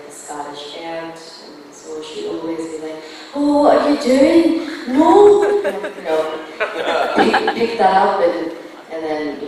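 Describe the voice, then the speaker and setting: Low-voiced woman far off in a hall. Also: slight background noise. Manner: chatty, giggly, full of fillers. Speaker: voice actor panelist. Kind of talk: convention panel storytelling. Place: convention hall.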